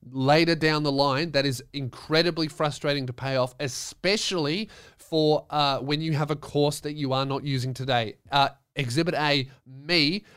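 A man's voice: fairly high pitch, fairly bright tone, smooth, no echo. Aussie comedy podcast guy ranting advice, swears a lot, raised voice, dry close mic. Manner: blunt, sweary, emphatic. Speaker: podcast host giving listener advice. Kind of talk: profane comedic advice rant. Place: podcast studio.

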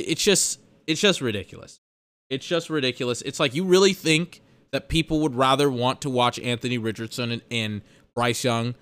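A man's voice: mid-range voice, sharp tone, smooth, dry recording. A man hosting a podcast, ranting about football in an exasperated, sarcastic way with plenty of swearing. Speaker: podcast host. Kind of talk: ranting sports commentary.

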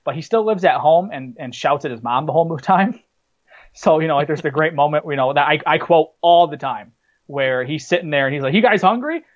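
A man's voice: on the high side, a little fast, dull audio. A man co-hosting a casual movie podcast, telling stories with lots of fillers and restarts. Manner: animated storyteller, many fillers and restarts. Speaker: podcast co-host. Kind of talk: casual chat, movie countdown.

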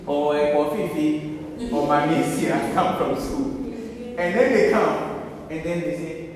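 An emphatic male preacher with a fairly high voice delivers a sermon at normal speed, swinging between loud, urgent bursts and hushed passages. The echoey hall gives long reverb, with faint ambience and background noise.

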